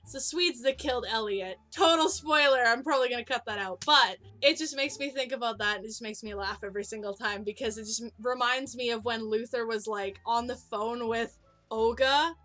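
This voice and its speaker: A young woman co-hosting a casual video-call hangout, telling animated stories with frequent laughs. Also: on the high side, fairly quick. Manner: animated storyteller, laughs often. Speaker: co-host.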